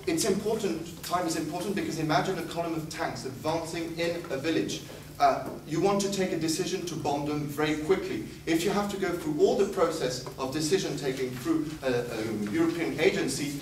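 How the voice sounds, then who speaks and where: A man's voice: fairly high pitch, fairly bright tone. Sarcastic male debater in an echoey hall. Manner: sarcastic, ironic jabs. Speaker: debate speaker. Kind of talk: formal competitive debate speech. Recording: echoey hall from far off with noise.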